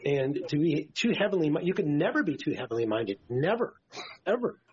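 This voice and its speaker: A man's voice: fairly high pitch, sing-song, quick pace, darkish tone. A tired man co-hosting a Christian podcast, rambling and stammering as he preaches in casual talk. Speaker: podcast co-host. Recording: dull lo-fi podcast audio.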